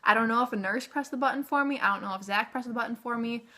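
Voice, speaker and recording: Young woman vlogger, bright tone, casual filler-heavy storytelling. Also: a little high, fast talker. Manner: chatty, filler-heavy "like", animated retelling.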